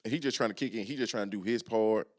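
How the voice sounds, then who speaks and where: A man's voice: fairly low pitch, fast talker. A man co-hosting a casual podcast, talking in a laid-back, drawling way with plenty of slang. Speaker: podcast co-host.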